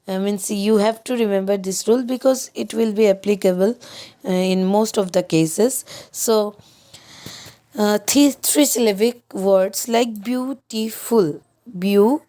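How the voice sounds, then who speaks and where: A woman's voice: medium pitch, dark tone. A woman teaching a grammar lesson, patiently spelling out words letter by letter. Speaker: English teacher.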